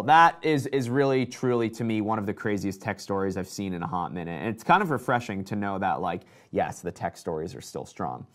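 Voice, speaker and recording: A man hosting a casual live tech show, talking excitedly and reading out viewer comments. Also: lowish voice.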